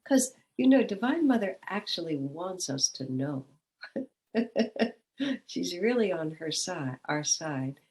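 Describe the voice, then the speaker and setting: A woman's voice: fairly low pitch, big pitch swings, slow pace, a little mellow, low-quality recording. Reflective woman teaching a satsang. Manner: reflective, asks questions aloud. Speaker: spiritual teacher. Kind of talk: satsang talk.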